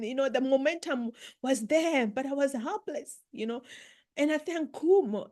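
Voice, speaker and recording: A woman giving an emotional personal testimony as a guest speaker at a business meeting, heartfelt and halting, often repeating herself. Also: high-pitched, a little mellow. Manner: heartfelt, halting, many repetitions and "you know"s.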